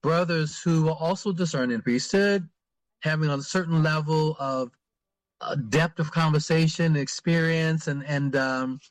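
Halting priest with a slightly high voice. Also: male voice, no room sound. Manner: halting, many fillers and restarts. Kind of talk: interview answers.

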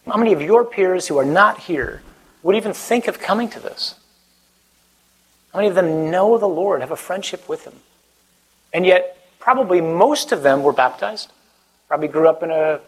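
A priest preaching a conversational sermon to a live audience, joking and putting questions to the listeners. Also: male voice, on the high side, moderate pace, husky, low-quality recording.

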